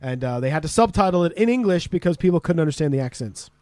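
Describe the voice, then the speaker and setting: A man's voice: on the high side, animated, fast talker, darkish tone. A man co-hosting a casual podcast, quizzing his guest with laughs and plenty of swearing. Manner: laughing, swears freely, teasing quiz-master. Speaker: podcast co-host. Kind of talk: casual banter.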